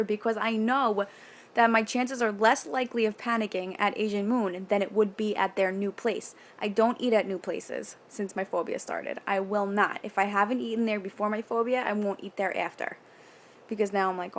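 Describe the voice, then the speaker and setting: A young woman from New York talking candidly in a casual vlog, rambling with quick nervous asides and casual swearing. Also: medium pitch, fairly even intonation. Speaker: vlogger. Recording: faint background noise.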